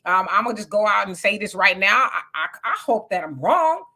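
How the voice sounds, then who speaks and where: A woman's voice: medium pitch, big pitch swings, brisk, pushed and bright. A woman, casually co-hosting a livestream and reading viewer comments aloud with sassy asides.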